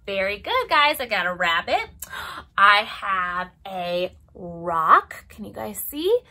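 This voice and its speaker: A young woman leading a preschool story time as a librarian, animated and sing-song, gasping in mock surprise. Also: medium pitch, takes it slowly. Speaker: children's librarian.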